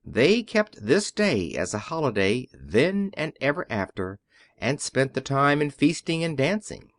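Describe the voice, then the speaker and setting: A man reading a classic children's story aloud as an audiobook narrator, in a measured storytelling way. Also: medium pitch, big pitch swings, dry recording, clean studio sound. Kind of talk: scripted narration.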